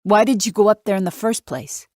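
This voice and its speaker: A woman voicing a gruff middle-aged male police detective who questions with a New York drawl, in an audiobook. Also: mid-range voice, a little fast, no room sound, clean studio sound, pitched above the performer's own voice, natural voice. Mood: probing.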